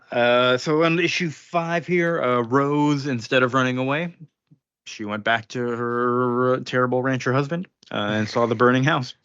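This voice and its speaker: A man's voice: mid-range voice, unhurried, a bit bright, smooth, no room sound, highs cut off. A man casually recapping a comic book on a podcast, rambling with fillers and acting out lines of dialogue. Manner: rambling, laughing, acts out quotes. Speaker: podcast co-host.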